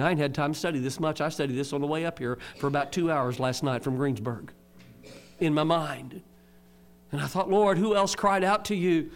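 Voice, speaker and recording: A man preaching a sermon, climbing to fervent near-shouted passages and then dropping to a low, earnest tone.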